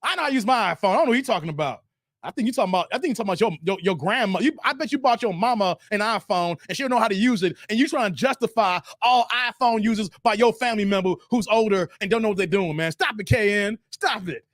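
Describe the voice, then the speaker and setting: High, lively man teasing his chat. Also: fast talker, dry recording, clean studio sound. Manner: playful teasing with frequent laughter and slang. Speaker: livestream host. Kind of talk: casual livestream chat reading viewer comments.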